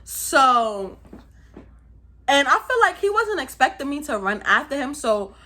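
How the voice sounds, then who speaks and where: A young woman from Brooklyn with a New York accent, telling a story in a lively, slangy, casual vlog style. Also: sits high, a little slow. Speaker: vlogger.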